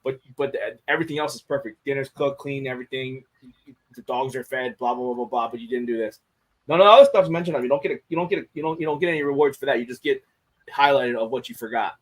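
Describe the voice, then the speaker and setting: Man, podcast chat, candid, swears, stumbling restarts, mid pitch. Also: fast talker. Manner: candid, profane, many restarts. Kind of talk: casual chat.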